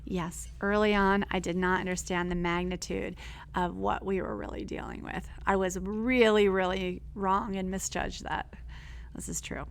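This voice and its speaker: A woman's voice: mid-range voice, level tone, moderate pace, gravelly. A female teacher and co-host. She chats casually and supportively, with lots of fillers. She is recorded in a school STEM lab. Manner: chatty, supportive, full of fillers. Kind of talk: casual chat.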